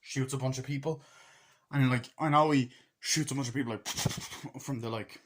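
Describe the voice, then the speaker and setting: A young man retelling a movie's scenes in a casual, swear-filled way, acting out lines in a higher voice. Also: fairly even intonation, normal speed. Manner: swears a lot, acts out film quotes in a higher voice. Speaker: movie reviewer. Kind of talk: casual film recap.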